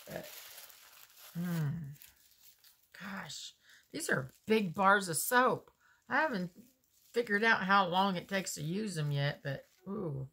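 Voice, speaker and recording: A woman's voice: medium pitch, vocal fry, a bit bright, a little hiss or hum. A woman, chatting casually as she unboxes homemade soap and muses aloud. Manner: slow, chatty, musing aloud.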